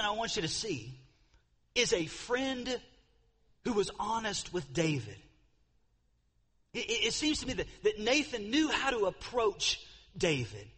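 A man preaching a sermon, earnest, slowing down on the verses he quotes and rising when he stresses a point. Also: a little high, fairly bright tone, husky. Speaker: pastor.

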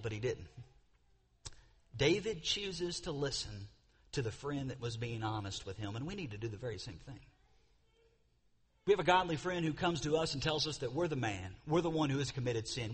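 A man preaching a sermon, earnest, slowing down on the verses he quotes and rising when he stresses a point. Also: medium pitch, fairly bright tone, husky. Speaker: pastor.

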